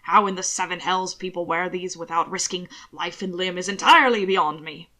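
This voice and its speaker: A woman voicing a portly, fussy older male official who frets loudly, in an audiobook reading. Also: lowish voice, moderate pace. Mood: flustered. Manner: flustered, fretful, loud.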